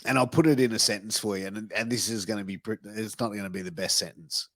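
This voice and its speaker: An Australian man runs a laid-back podcast chat packed with profanity and filler words. He has a fairly low, slightly bright voice and a quick pace, with no room sound in the recording.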